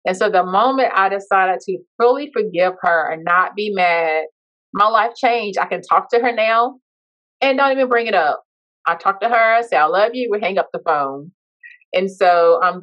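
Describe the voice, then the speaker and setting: A woman's voice: medium pitch, fairly bright tone. A woman podcast guest telling her personal story in a heartfelt, reflective way. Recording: dull lo-fi sound.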